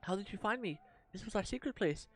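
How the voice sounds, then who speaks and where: A man's voice: a little high, moderate pace, soft background music, voice pushed up, close to an everyday voice. A man voicing a frightened young girl who prays and pleads in secret. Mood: panicked.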